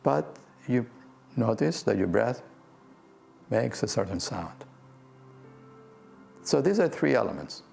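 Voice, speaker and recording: An older man, a physics professor, gives a gentle, playful guided talk on breath meditation and laughs often. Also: medium pitch, sing-song, slow, vocal fry, long pauses, faint music behind. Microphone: video talk to a remote audience.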